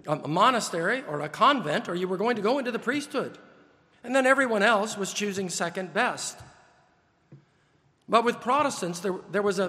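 High bright-voiced guy preaching, big echoey hall, punchy lists. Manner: emphatic, building lists with rising stress. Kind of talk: sermon.

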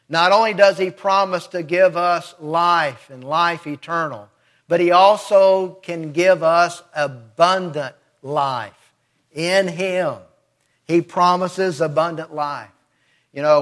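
A man preaching a sermon in an earnest, deliberate way, stressing key words as he explains a scripture passage. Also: a little high, a bit bright. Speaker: pastor.

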